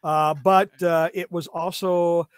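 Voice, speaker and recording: A man's voice: a little high, level tone, takes it slowly, clear, resonant tone, no room sound, studio quality. A middle-aged man co-hosting a fan podcast, rambling and ranting with many fillers. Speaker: podcast co-host. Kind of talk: casual fan podcast chat.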